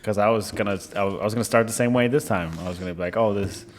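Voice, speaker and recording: Casting note: male podcast co-host, lowish voice, easygoing, cusses and laughs a lot. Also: rapid-fire, a little hiss or hum. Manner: laid-back, swears, laughs often. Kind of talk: casual chat.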